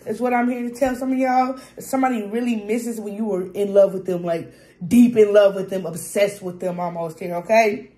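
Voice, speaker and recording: A woman's voice: mid-range voice, fairly even intonation, moderate pace, mellow. Chatty woman reading tarot, echoey room. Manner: casual and chatty, frequent "okay?" and swearing, laughs often. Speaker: tarot reader. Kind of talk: casual tarot reading to viewers.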